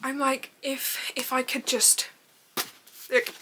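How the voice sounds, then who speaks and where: A young woman talking straight to her camera in a casual reading vlog. She gushes and giggles, rambles on excitedly and swears now and then. Her voice sits a little high and sounds bright and sharp. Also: slow, a little hiss or hum. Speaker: book vlogger.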